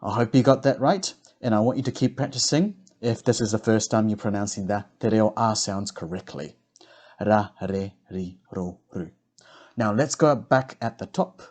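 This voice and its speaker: A man teaching pronunciation, slowly enunciating sounds and words for the listener to repeat. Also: on the low side, a little mellow. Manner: slow, deliberate, carefully enunciated drilling. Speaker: language teacher. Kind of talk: pronunciation lesson.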